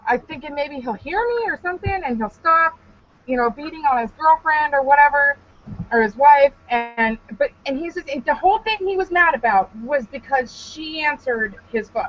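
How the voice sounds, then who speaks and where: On a dull, lo-fi podcast recording, a young woman co-host with a high-pitched voice tells a story at normal speed. She's animated and profane, laughing a lot as she delivers it in a loose, casual comedic way.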